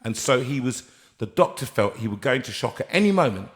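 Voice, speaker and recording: A man hosting a live stream, telling a comic story with animated, acted-out voices. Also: medium pitch, quick pace. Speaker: host and singer.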